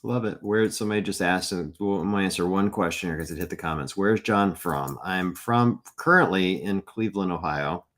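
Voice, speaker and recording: A man from Mississippi co-hosting a live podcast, chatting casually, joking and quick to laugh. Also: sits low, a bit bright. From Mississippi, USA. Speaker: podcast co-host.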